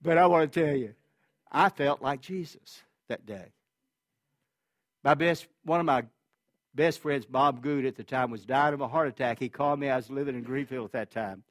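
This is a pastor's sermon in which a man earnestly and emotionally recounts a personal story, moving back and forth between loudness and near-whispers. His mid-range voice keeps a moderate pace, captured in studio quality without room sound.

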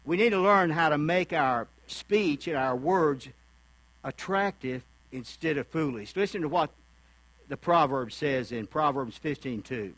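A man's voice: a little high, expressive, a little slow, a bit bright, no room sound, poor audio. A male preacher giving a sermon in a folksy, conversational way, acting out the voices of people he quotes.

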